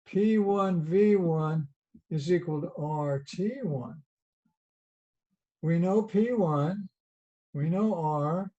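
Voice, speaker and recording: A man with a Southern US drawl teaches over a video call, unhurried and folksy, checking in with rhetorical questions. His voice sits fairly high but sounds mellow and warm. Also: highs cut off. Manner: folksy, drawn-out, chatty explaining with rhetorical questions. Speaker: college teacher. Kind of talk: online lecture.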